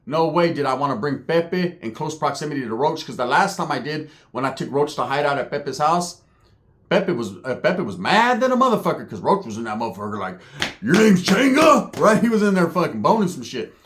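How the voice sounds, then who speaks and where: A man's voice: fairly high pitch, a little fast. A man telling a crude, comic story in a casual, profane way, tagging lines with "right?". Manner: profane, animated, rhetorical "right?". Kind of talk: comedic storytelling.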